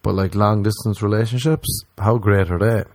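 A young man doing stand-up comedy, telling stories deadpan and acting out both sides of conversations. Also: lowish voice, normal speed, dry recording. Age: young adult.

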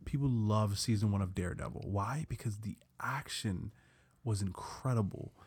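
A man's voice: lowish voice, normal speed, a little mellow, slightly rough. A man co-hosting a podcast in casual chat, joking and playful, with some swearing. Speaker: podcast co-host.

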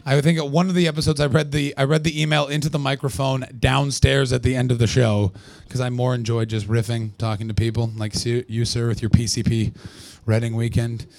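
Gravelly, sarcastic Canadian stand-up comic. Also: male voice, mid-range voice, flat delivery, fairly quick, few pauses, dry recording. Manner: profane, sarcastic, bursts into yelled punchlines. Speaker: stand-up comedian. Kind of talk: live stand-up with crowd work. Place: small venue at a comedy festival.

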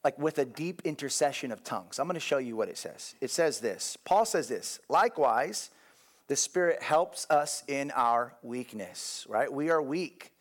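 A young adult man, a pastor, giving a conversational sermon, telling a personal story with lively asides to his congregation and frequent restarts. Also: mid-range voice, moderate pace.

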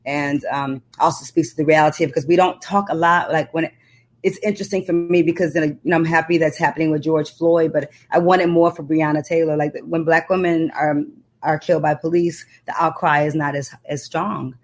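A woman poet who recites her spoken-word poem in a slow, rhythmic, impassioned way, then talks reflectively about her work in an interview. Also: steady tone. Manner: low-key, reflective talk with fillers. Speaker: poet and author.

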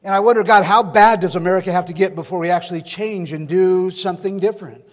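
Pastor, male, high-pitched, folksy sermon delivery, live hall reverb. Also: fast talker. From California. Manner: folksy preaching with stories and rhetorical questions.

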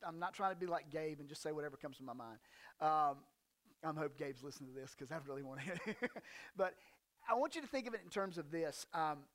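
High-voiced joking casual preacher man. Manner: folksy and joking, with slang asides; animated emphasis when reading scripture. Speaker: pastor. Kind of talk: casual conversational sermon.

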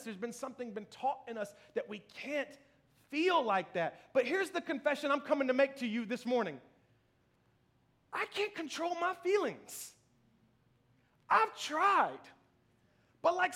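A man's voice: very high-pitched, fairly bright tone. A man in his thirties preaching a sermon in church, chatty and self-deprecating, often laughing. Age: 30s. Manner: conversational, self-deprecating, frequent laughter and "you know what I mean". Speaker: pastor.

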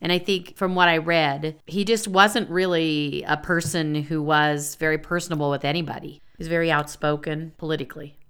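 A woman's voice: low voice, fairly even intonation, moderate pace, hardly any pauses, a bit bright, smooth. A woman co-hosting a podcast in a casual chat, thoughtful and explaining at length. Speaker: podcast co-host.

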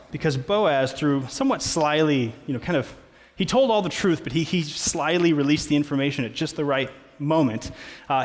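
A man, a pastor, preaching a sermon in a casual, conversational way with playful asides. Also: mid-range voice. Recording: long reverb of a large hall.

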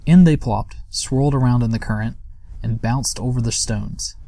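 A man narrating a children's storybook aloud in a steady, gentle manner. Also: mid-range voice, moderate pace, no room sound.

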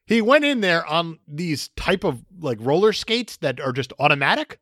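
A man's voice: a little high, very animated, normal speed, few pauses, a bit bright, no room sound, studio quality. A man hosting a podcast in casual chat, reading out headlines and laughing often. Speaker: podcast host.

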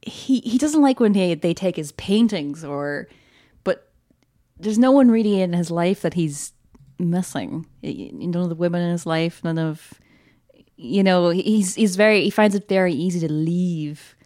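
A woman chats about a film as a podcast co-host, her voice on the low side and warm, her pace a little slow. She's enthusiastic, laughs often and uses many fillers.

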